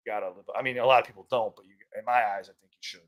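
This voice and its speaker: A man's voice: medium pitch, steady tone, very fast. A man in casual chat as a co-host, talking candidly, swearing freely and telling stories with animation. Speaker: content creator and co-host.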